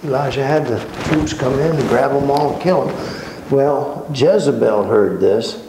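A man teaching a Bible study, telling the stories with lively acted-out dialogue. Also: mid-range voice, measured pace. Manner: animated storytelling, acting out dialogue in voices. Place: church hall. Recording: echoey room with background noise.

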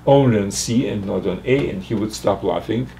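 An older man teaching math, working slowly through a logic puzzle aloud with frequent restarts. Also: on the low side, gravelly, dark tone, a little hiss or hum. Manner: halting, restarts and fillers while reasoning aloud. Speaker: math lecturer.

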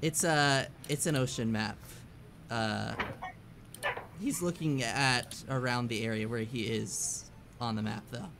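A young man running a tabletop game as dungeon master, narrating haltingly with many pauses and ums. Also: medium pitch, vocal fry, fairly bright tone, a little hiss or hum.

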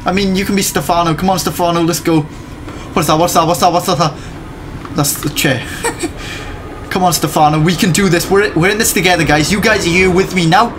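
Jumpy, excitable man playing a horror game. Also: high-pitched, normal speed, background noise. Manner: jumpy and excitable, swearing and yelping at scares. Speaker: gaming YouTuber. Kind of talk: let's play commentary.

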